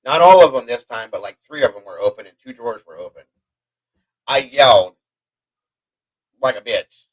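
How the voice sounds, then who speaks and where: Profane, animated male storyteller. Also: mid-range voice, normal speed, long pauses, low-quality recording. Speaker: host. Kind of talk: livestream storytelling.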